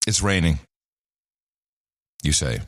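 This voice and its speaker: A man with a bass voice co-hosts a casual podcast talk show, taking things slowly over some background noise. He laughs a lot and tells stories with animation.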